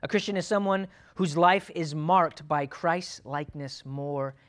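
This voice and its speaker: A male pastor preaching a sermon to his church, swinging from loud urgent pleading to quiet, low, earnest asides. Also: measured pace.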